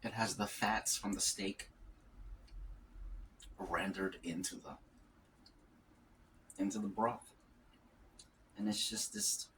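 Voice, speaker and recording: A man with a fairly low voice chats while he eats, rambling from thought to thought and musing aloud. He sits some way back from the microphone. A faint ambient noise hangs behind him. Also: fairly bright tone, recorded from a distance. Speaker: mukbang vlogger. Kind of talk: casual mukbang chat.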